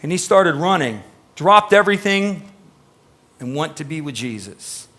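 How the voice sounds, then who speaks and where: A male pastor preaching live in church, his voice bright and pitched a little high. He talks emphatically but conversationally and keeps turning to quiz members of the congregation. The energy stays direct and personal. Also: very animated, a little slow. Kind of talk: live sermon.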